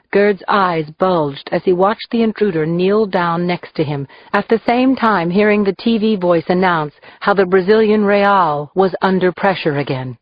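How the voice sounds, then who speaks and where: A woman reading a crime novel aloud in measured, even audiobook narration, in a dull, dry lo-fi recording. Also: on the low side, no room sound.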